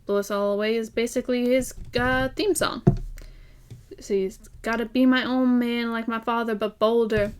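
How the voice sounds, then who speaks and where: A woman's voice: a little high, fairly even intonation, moderate pace, a little hiss or hum. A young woman from Ireland chatting casually and enthusiastically in a fan review vlog, laughing often. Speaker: vlogger.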